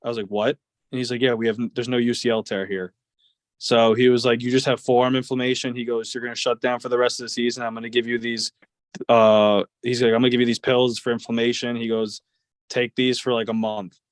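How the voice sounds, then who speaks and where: Young male ballplayer, casual guest, rambling storyteller with many fillers, monotone delivery. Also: mid-range voice, fast, no room sound. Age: 20s. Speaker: guest, professional baseball player.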